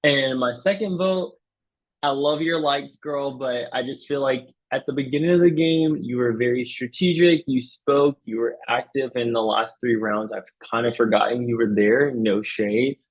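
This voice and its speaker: A man's voice: mid-range voice, normal speed, dull audio. Breezy friendly man contestant. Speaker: game contestant. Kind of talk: casting votes in a reality game.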